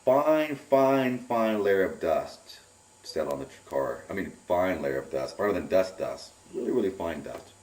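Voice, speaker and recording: A middle-aged man giving a rambling, animated personal account in an interview, often repeating his words. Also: low-pitched, moderate pace. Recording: roomy and distant from the mic.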